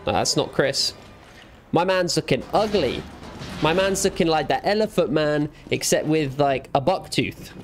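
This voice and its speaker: A man's voice: on the high side, lively intonation, a little slow, soft background music. Jokey guy playing a horror game. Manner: jokey, teasing, talks back to game characters. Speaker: gamer. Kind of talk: let's play commentary.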